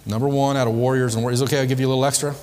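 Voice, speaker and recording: Male motivational speaker, mid-pitched, emphatic and repetitive, quizzing a live crowd in a reverberant hall. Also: flat delivery, rapid-fire, a little mellow. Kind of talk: live motivational seminar talk with spiritual themes. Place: large hall before a live audience. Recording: echoey hall with long reverb.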